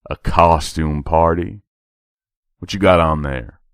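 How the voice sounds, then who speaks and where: A big, smirking cop, as a narrator plays him with a thick Georgia drawl, slow and menacing. The voice sits very deep and sounds dry and close. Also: male voice, clear, resonant tone, no room sound. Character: tall beefy smirking male cop.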